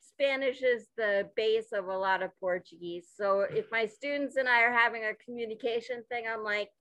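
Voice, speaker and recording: A woman's voice: a little high, normal speed, a bit bright, no echo. A woman speaking as a guest on a podcast over a remote call, in good-humored casual conversation.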